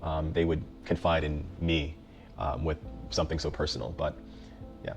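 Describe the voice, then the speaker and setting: Man, middle-aged, very deep voice, casual reflective talk, thoughtful pauses, faint background music. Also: flat delivery. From the Bronx, New York. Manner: reflective, with many fillers and restarts. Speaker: mental health therapist.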